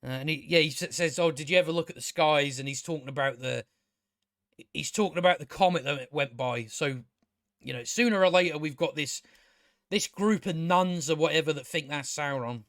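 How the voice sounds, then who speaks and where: A man's voice: fairly high pitch, moderate pace, a bit bright, no echo, studio quality. A man giving a casual, ranting review of a show, blunt, sarcastic and profane, often restarting his sentences.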